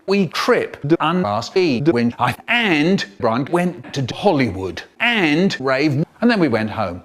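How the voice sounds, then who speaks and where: A man narrating a family story in an animated, theatrical storytelling manner, chopped into a comic mashup. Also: on the high side, measured pace, hardly any pauses.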